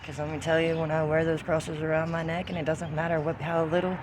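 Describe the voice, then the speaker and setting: A woman's voice: deep voice, little pitch movement, fast talker. Southern woman, casual vlog monologue, rambling, swears freely, outdoors, faint noise behind. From Southern United States. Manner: rambling, profane storytelling. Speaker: vlogger. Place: outdoors in the wind.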